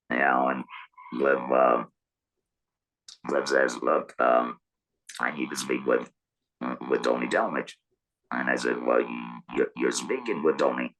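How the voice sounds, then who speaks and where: A middle-aged man talking through an electrolarynx, with a buzzing mechanical tone and halting speech full of repeated words. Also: a bass voice, fairly bright tone, poor audio. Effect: electrolarynx buzz. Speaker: guest telling his story. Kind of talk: casual interview storytelling.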